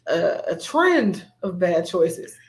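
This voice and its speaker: A co-host in a relaxed recap conversation, mid-pitched and unhurried. The speaker weighs each point and pauses to find the words. The talk stays informal throughout. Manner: thoughtful, measured, hesitant fillers. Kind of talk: casual TV recap chat.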